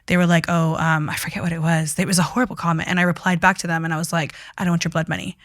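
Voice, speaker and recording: A woman talking as a guest in a casual interview, animated and emphatic as she tells her story. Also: lowish voice, very fast, no room sound, studio quality. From United States.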